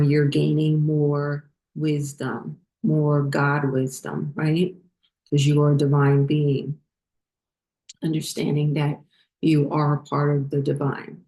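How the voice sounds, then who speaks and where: A woman hosting a spiritual vlog, talking unhurriedly with many fillers as she glances at her notes, her voice getting hoarse. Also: sits low, darkish tone. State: losing her voice. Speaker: spiritual channel host.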